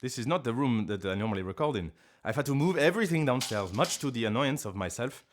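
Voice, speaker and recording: A man chatting casually on a live stream from his living room, rambling and joking at himself with sudden loud outbursts. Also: mid-range voice, expressive, quick pace, slight background noise.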